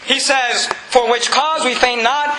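A man preaching a fiery sermon as pastor, often shouting and laughing between lines, recorded in a church. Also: extremely high pitch, fairly even intonation, measured pace, crowd noise. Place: church hall. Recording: echoey church room.

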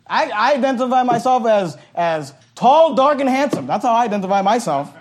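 A male pastor preaching a sermon in an animated, joking way, at times shouting. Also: very high voice, a little fast.

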